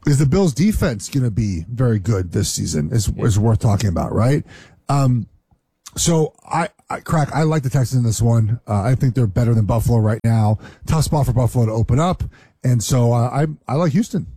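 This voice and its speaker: A male analyst talks through a football matchup in a rambling way. His voice is mellow and husky, and the recording sounds dry. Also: mid-range voice, animated, brisk, no echo. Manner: rambling, many "right?" tags. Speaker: former player turned analyst. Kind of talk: casual sports analysis.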